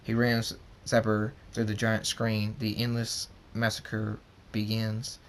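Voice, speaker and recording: A man's voice: lowish voice, monotone, slow, slight background noise. A man reading his pony fan story aloud as narrator, in a plain way with some stumbles over words.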